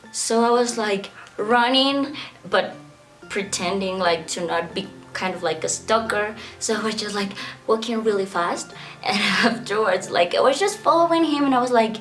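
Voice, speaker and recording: Chatty young woman telling a story. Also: medium pitch. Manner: chatty, fills speech with "like" and laughs. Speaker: vlogger. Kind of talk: casual storytelling.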